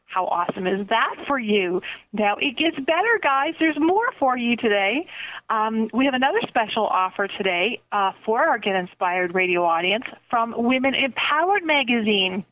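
A woman's voice: fairly high pitch, animated, moderate pace. Gushing Canadian woman host, phone-line sound. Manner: enthusiastic and gushing, addresses listeners directly. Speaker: radio show host. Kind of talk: upbeat radio chat with promotions. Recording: phone-line quality audio.

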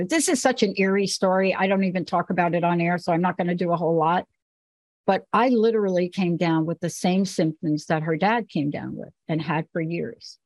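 A woman from the Bronx, New York, hosts a casual talk show and tells candid personal stories with emphasis. Her voice is fairly low and darkish in tone, with no room sound in the recording.

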